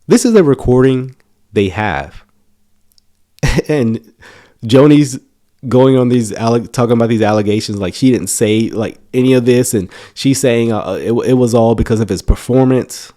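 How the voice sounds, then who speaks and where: A man's voice: medium pitch, normal speed, pauses often, warm tone. A man reading a news article aloud and commenting on it in a casual, emphatic way, often restarting his words. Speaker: YouTube commentator.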